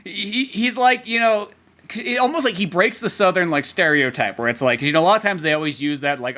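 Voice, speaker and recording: A man's voice: on the high side, expressive, quick pace, bright, forceful tone. A young man co-hosting a casual podcast, rambling and laughing as he retells a comic, often slipping into silly character voices. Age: young adult. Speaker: podcast co-host.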